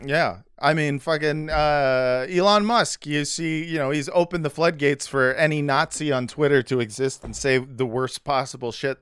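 A man's voice: on the high side, normal speed, hardly any pauses, a bit bright, clean tone, no room sound, studio quality. An American man in his thirties hosting a podcast, rambling and joking with lots of fillers. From United States. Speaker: podcast host. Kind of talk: casual podcast interview.

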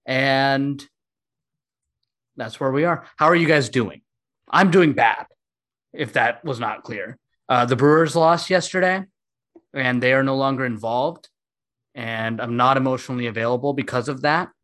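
A man's voice: mid-range voice, measured pace, pauses often, fairly bright tone. A man hosting a casual podcast chat, talkative and self-deprecating, often laughing. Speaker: podcast host.

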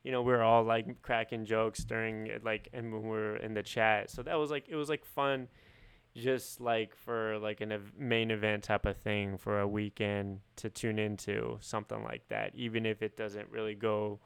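A man's voice: fairly low pitch, level tone, moderate pace, gravelly, clear, resonant tone. A man co-hosting a podcast, chatting casually and rambling with lots of filler words. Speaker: podcast co-host. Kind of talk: casual chat.

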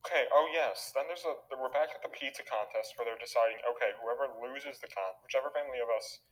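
Male podcast host, casual chat, animated recap of a movie, mid-pitched voice. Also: fast talker, low-quality recording. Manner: animated, acts out movie characters' lines.

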